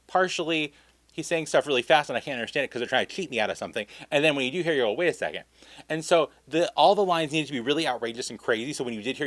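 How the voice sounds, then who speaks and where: A young man tells a story in a campy, animated way, with lots of laughing asides. His voice sits in an ordinary middle pitch. The sound is close and dry. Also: dry recording. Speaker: vlogger. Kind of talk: casual storytime.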